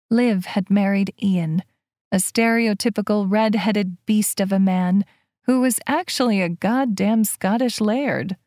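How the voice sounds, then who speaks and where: Female audiobook narrator, mid-range voice, close dry recording, steady storytelling read. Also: medium pitch, no echo. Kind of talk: scripted narration.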